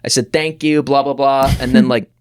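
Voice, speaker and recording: A young man in his twenties, a podcast producer, telling a story in casual chat and jumping up in pitch as he acts out what people said. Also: moderate pace, clean tone. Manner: animated, acts out quoted voices with big pitch jumps.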